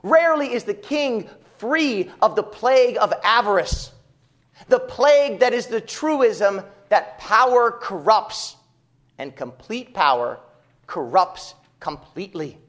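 Slow, lively high-voiced male preacher. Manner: emphatic preaching with rhetorical repetition. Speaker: pastor. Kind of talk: sermon.

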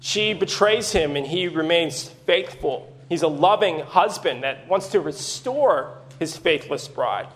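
A man with a high-pitched voice preaches a sermon. He teaches earnestly and at a steady pace, stopping to put rhetorical questions to his listeners. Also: measured pace, hardly any pauses.

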